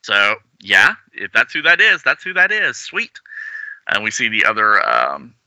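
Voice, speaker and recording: A man's voice: fairly low pitch, wildly swooping pitch, measured pace, sharp tone, no echo, rough recording. A man hosting a casual chat about comics, reading panels aloud and laughing along. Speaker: podcast host. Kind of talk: casual comic-book discussion.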